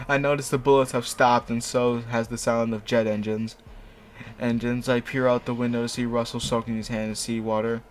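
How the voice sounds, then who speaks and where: A man's voice: medium pitch, little pitch movement, normal speed, a little hiss or hum. A young man reading fanfiction aloud in a casual chat, sarcastic and stumbling over words.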